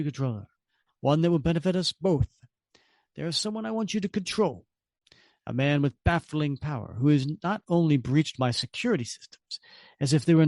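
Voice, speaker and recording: A man's voice: on the high side, darkish tone, dry recording, pitched above the performer's own voice, natural voice. A scheming villain mastermind barks orders in a lifted, theatrical comic-reading voice, as a man puts him on. The sound is close and dry, with no room around it. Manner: commanding, theatrical.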